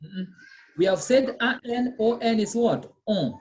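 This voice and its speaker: Over a video call, a woman teaches French pronunciation, patiently repeating herself and making sure her students keep up. Her voice sits fairly high and is expressive, with a slightly slow, somewhat mellow delivery.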